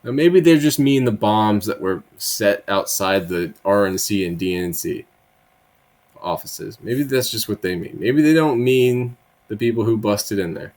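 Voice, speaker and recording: With a fairly low, darkish voice and lively intonation, the man takes his time as he hosts political commentary. He reads a bill aloud, then riffs bluntly with swearing and sarcasm, leaning on "right?" tag questions and offhand asides.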